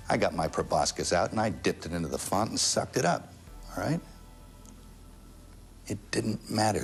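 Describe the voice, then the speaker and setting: A man reflects in an interview, searching for his words as he goes. His voice is deep and gravelly. Faint music plays underneath. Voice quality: loose, searching phrasing.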